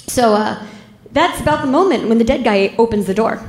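A woman, a police officer, telling a story in an unhurried, wry way and laughing at the grim parts. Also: on the high side, expressive, darkish tone, a little hiss or hum. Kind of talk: casual spoken storytelling. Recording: roomy echo.

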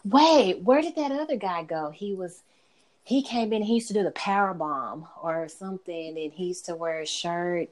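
A woman in casual chat, blunt and opinionated, quick to give her judgments. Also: lowish voice, a little mellow.

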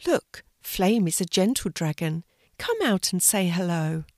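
A woman voicing a small, kind male mouse who talks gently and encouragingly. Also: on the low side, animated, a little slow, dry recording, studio quality. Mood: friendly.

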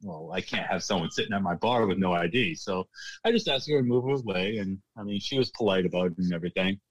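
A man's voice: low voice, quick pace, no echo, low-quality recording. A man working as a bartender, telling stories casually in an interview, laughing often and restarting his sentences. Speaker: guest, former casino bartender.

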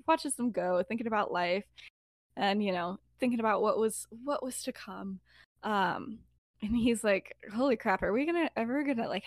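A young woman tells a story in a casual chat, rambling and giggly, with fillers everywhere. Her voice sits a little high. The sound is dry and close. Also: fairly bright tone, dry recording. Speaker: podcast co-host telling a fan story.

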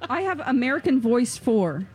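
Woman guest, slightly high, lively pitch, playful. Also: moderate pace, husky. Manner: playful, laughing storyteller. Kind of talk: casual chat.

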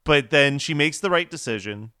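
Laid-back young male podcast co-host, bright and crisp, dry close sound. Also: fairly high pitch, lively intonation, normal speed, no room sound. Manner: laid-back, swears casually, laughs a lot. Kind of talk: casual chat.

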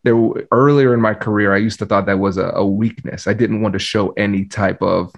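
A man hosting a podcast, talking quickly and earnestly and restarting his sentences. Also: lowish voice, steady tone, creaky. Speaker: podcast host, mediator. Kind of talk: casual interview talk.

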